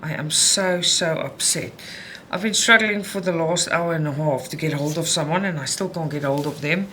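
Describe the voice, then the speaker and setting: A middle-aged woman vlogging about cross-stitch at home, upset and frustrated, venting in a halting way with many restarts. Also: deep voice, fairly bright tone, slight background noise. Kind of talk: casual chat while stitching.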